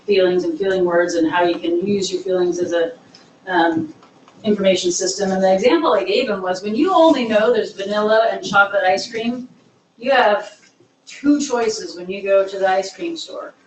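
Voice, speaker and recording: A woman's voice: mid-range voice, moderate pace, slight background noise. A woman leading a classroom discussion, explaining earnestly with everyday examples. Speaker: instructor on trauma-informed teaching. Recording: echoey room, voice from far off.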